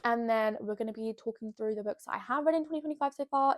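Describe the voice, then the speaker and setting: Fairly high-pitched and fast-talking, this young woman sits on her bed chatting casually to the camera. As a vlogger, she comes across bubbly, rambling, and self-mocking.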